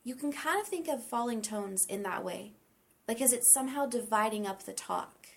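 A woman teaching English pronunciation in a relaxed chat, explaining with lots of examples. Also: a little high, normal speed, gravelly, breathy edge. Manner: explains with many examples and light laughter.

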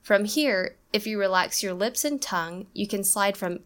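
A woman co-hosting an English-learning podcast, reading a scripted lesson and slowing down to model each sound. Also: mid-range voice, a bit bright. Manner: careful, explanatory, slows down on example sounds. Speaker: podcast co-host, English teacher.

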